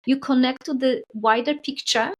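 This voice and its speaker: Speaking at a moderate pace in a high voice with fairly even intonation, a middle-aged woman appears as a podcast guest. She's a spiritual coach who tells animated stories and often throws in a questioning "right?".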